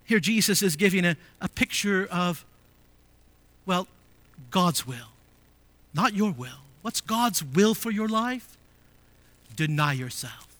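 A male pastor with a high, bright voice preaches a sermon, rising to emphatic declarations and then dropping to quiet asides. He keeps asking the congregation rhetorical questions. The recording is dry and close. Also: lively intonation, takes it slowly, long pauses, dry recording.

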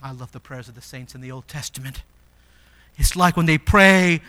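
A man preaching a sermon in a high, bright, forceful voice. He leans hard into his points, dropping almost to a hush and then rising to loud emphasis. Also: moderate pace. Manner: emphatic, swings from quiet to loud. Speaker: pastor.

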